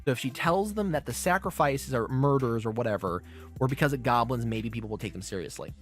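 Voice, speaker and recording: A man hosting a podcast, recapping a show in a casual, profane, animated way. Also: medium pitch, quick pace, faint music behind. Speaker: podcast host.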